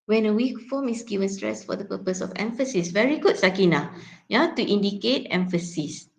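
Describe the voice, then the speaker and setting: A woman's voice: medium pitch, expressive, fairly quick, poor audio. A woman lecturer with a Malaysian accent teaching a class, explaining step by step and often checking in with "yeah?". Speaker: university lecturer.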